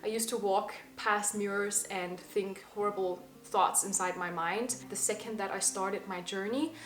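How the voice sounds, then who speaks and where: A young woman in her twenties talking to camera in an earnest, emphatic personal monologue. She slows down to stress the words that matter most. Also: mid-range voice, steady tone, a bit bright. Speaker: vlogger. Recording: slightly echoey room with faint music.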